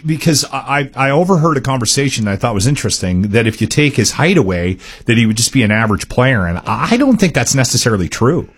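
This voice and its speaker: A man hosting casual sports chat, asking questions in a measured, slightly halting way. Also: medium pitch, big pitch swings, breathy edge.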